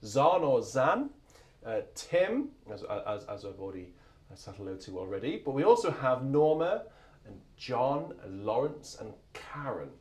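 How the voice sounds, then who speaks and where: English male organist host, casual rambling chat, very animated intonation, self-mocking. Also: medium pitch, measured pace. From England. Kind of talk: casual live-stream chat. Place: church organ loft.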